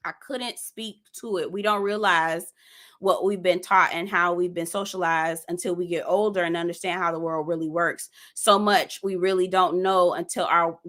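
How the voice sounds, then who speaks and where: A bright, forceful woman's voice, hosting a casual live stream. She is animated and sassy and talks straight to her viewers. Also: lowish voice. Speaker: host of a live gossip show.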